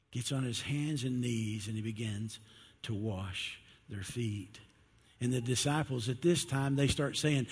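A preacher delivers a sermon in a relaxed, folksy storytelling style. His husky voice is neither high nor low, ringing with the long reverb of a large hall.

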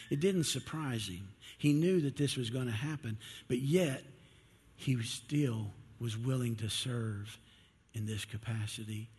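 A man's voice: medium pitch, breathy edge, in a large hall. A man preaching a sermon in a folksy, storytelling way, acting out the disciples as he retells the scene.

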